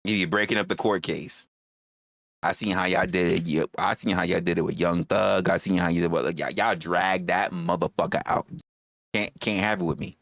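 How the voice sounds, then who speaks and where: A man's voice: low-pitched, steady tone, brisk, vocal fry, fairly bright tone, no echo, clean studio sound. A man hosting a livestream, talking casually in a rambling, profane way and repeating his phrases. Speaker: livestream host.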